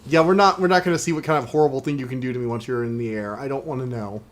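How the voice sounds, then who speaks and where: A man talking through his own game stream in an easygoing, wry way. His voice sits at an ordinary middle pitch. He rambles on through his plans and breaks into exasperated outbursts when the game surprises him. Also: racing. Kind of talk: gaming stream commentary.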